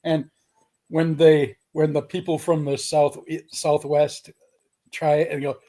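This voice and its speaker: A man's voice: fairly high pitch, little pitch movement, takes it slowly, dark tone. Canadian guy chatting, keeps butting in with little comments, normal mid voice. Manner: chatty, jumps in with side comments. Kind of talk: casual chat.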